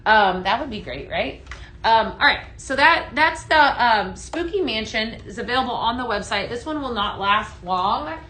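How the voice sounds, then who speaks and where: A woman with a bright, forward voice hosts a live product stream. She chats warmly and gushes over each item, using lots of fillers, and reads viewer comments aloud as she goes. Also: on the high side, animated, moderate pace, a little hiss or hum. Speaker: live shopping show host. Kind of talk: live product demo chat.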